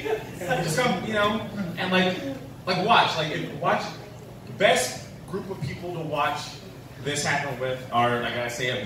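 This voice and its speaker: A young man doing a stand-up comedy set, with a rambling manner full of fillers. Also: medium pitch. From New Mexico, USA. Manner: rambling, filler-heavy storytelling with many "like"s and "um"s. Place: comedy club stage. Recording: echoey room, distant mic, faint room noise.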